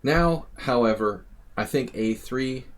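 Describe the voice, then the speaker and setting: A man's voice: mid-range voice, expressive. A man coaching chess over a live stream, thinking aloud in a chatty way and catching himself mid-thought as he walks through a game. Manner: thinking aloud, quick corrections, chatty asides. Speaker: chess coach analyzing subscriber games.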